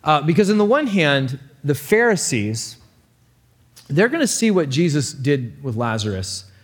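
Pastor guy preaching, super lively voice, long hall echo. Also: on the high side, unhurried. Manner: animated, conversational. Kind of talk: sermon with storytelling.

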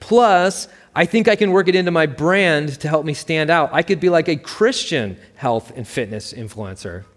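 A man voicing a self-absorbed, ambitious middle-aged mother who talks in a brisk, dismissive way. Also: a little high, expressive. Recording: long reverb.

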